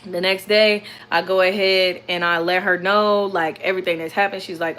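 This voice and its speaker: A young woman tells a story to her viewers in an animated, rambling way, repeating herself and calling out to them. Her voice is bright and clear, at a middle pitch. She talks casually from the cab of her truck. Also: normal speed, hardly any pauses, a little hiss or hum. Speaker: vlogger.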